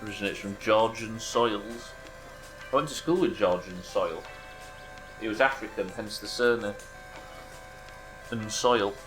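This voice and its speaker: A man's voice: fairly low pitch, measured pace, long pauses, music in the background. A British man streaming a driving game, chatting casually and making dry jokes with his viewers. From Britain. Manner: dry, joking banter with chat. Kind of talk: casual live-stream commentary to chat.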